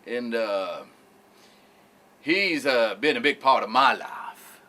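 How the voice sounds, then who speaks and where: Man as a bragging cousin, bright tone, hesitant bragging. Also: medium pitch, expressive, slow pace. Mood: boastful. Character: boastful male distant cousin, vain. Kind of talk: mockumentary interview acting.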